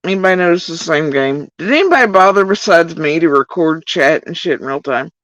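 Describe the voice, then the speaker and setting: Talking a bit fast in a low-pitched voice, a woman streamer rants at her chat, casual yet heated, animated and full of profanity as she speaks straight to her viewers. There's no echo, but the audio quality is poor.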